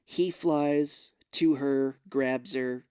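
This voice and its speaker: A man's voice: medium pitch, steady tone, dark tone, clean tone, no echo, studio quality. A man co-hosting a podcast, loosely and profanely recapping a movie's plot in casual chat. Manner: loose, profane retelling with quick acted quotes. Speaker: podcast co-host.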